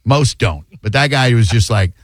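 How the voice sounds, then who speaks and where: A man's voice: medium pitch, lively intonation, moderate pace, no echo. A man hosting a call-in radio show, talking casually with brash, joking bursts. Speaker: radio talk show host.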